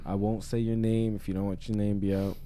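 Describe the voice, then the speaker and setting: A man's voice: fairly low pitch, flat delivery, fast talker, dark tone. A man co-hosting a podcast, chatting casually with slangy, laughing banter. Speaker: podcast co-host. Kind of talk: casual chat.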